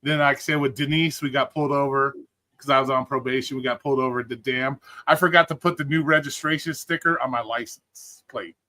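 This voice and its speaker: A man's voice: medium pitch, fairly even intonation, fairly quick, pushed and bright. A man telling stories on a live stream in a casual, blunt and profane way. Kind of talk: casual storytelling.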